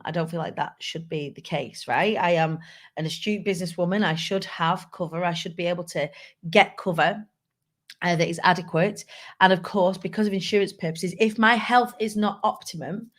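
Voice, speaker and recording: A woman hosting a live show, talking candidly and chattily to viewers and reading out their comments. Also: on the low side. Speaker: live show host and speaker. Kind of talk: casual live-stream talk.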